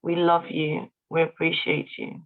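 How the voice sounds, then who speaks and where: A woman's voice: deep voice, completely flat delivery, a little slow. A woman giving an emotional, heartfelt tribute speech, addressing her listeners directly. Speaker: guest speaker at a tribute event. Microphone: video call. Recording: tinny video-call audio.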